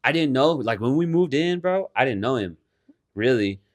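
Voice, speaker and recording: A man's voice: medium pitch, animated, normal speed. A young man co-hosting a podcast, telling a long casual story, swearing freely and laughing often. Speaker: podcast co-host. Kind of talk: casual chat.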